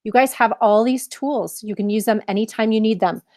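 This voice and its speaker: A woman's voice: a little high, a little fast, a little mellow, no echo, studio quality. Encouraging woman teaching children mindfulness. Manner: encouraging, asks the children many questions. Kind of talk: live online lesson for children.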